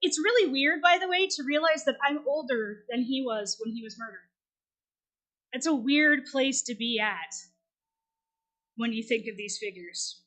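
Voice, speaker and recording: A woman's voice: high voice, animated, normal speed, a bit bright. A woman in her forties giving a sermon in a conversational storytelling way, asking the congregation questions. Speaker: minister.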